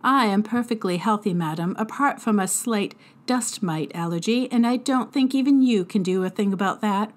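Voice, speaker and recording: A woman's voice: mid-range voice, moderate pace, few pauses, close to an everyday voice. A woman voicing a cold, smug twelve-year-old boy mastermind with precise, condescending speech.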